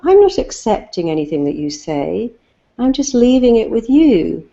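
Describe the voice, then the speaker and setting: A serene, unbothered holy man, quoted by a British woman, answering calmly and gently in a mellow voice. He sounds lightly triumphant and wise. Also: a little high, moderate pace, creaky, muffled recording.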